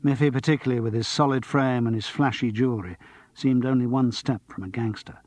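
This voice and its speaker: Husky man narrating an audiobook. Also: mid-range voice, fairly even intonation, quick pace, darkish tone, dry recording. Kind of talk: scripted narration.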